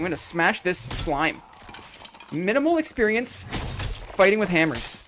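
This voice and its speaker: A man's voice: sits high, big pitch swings, unhurried, a bit bright, slight background noise. A man from Canada, streaming a game live and chatting with his viewers in a goofy, joking way. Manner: goofy, jokey, chatty with chat.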